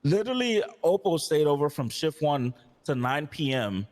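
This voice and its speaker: A man's voice: a little high, big pitch swings, moderate pace, darkish tone, in a large hall. A man playing a police officer in a role-play game, frustrated and recounting past conversations in detail. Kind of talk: in-character role-play complaint.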